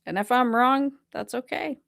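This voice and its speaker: A woman's voice: sits high, normal speed, creaky, a bit bright. A woman hosting a casual reaction commentary, talking bluntly and defiantly with plenty of swearing. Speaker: host.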